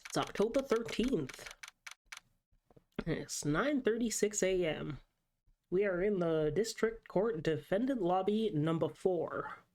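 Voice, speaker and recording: A woman's voice: medium pitch, expressive, slow, darkish tone, a little hiss or hum. A woman streamer giving laid-back commentary while playing a game. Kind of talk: casual game playthrough commentary. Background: game music.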